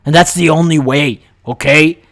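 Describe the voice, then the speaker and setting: A man's voice: a little high, steady tone, normal speed, fairly bright tone. A young man hosting a comedy video, ranting in a brash, crude, mock-boastful way. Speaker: comedy vlogger. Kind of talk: profane comedic rant.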